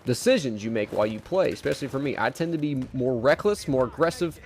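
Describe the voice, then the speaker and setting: A man's voice: medium pitch, animated, fast talker, a little hiss or hum. Young man rambling over gameplay. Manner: rambling, with many restarts and fillers. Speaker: gaming video creator. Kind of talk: casual gameplay commentary.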